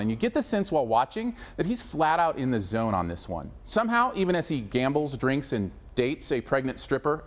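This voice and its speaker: A man hosting a scripted movie review, wry and upbeat in delivery. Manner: lively, wry delivery with big pitch swings.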